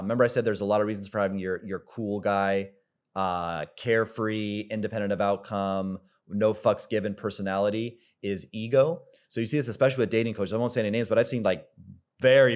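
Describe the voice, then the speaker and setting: A man giving a coaching monologue, rambling with lots of filler words, repeating himself for emphasis and swearing casually. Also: on the low side. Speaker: dating coach.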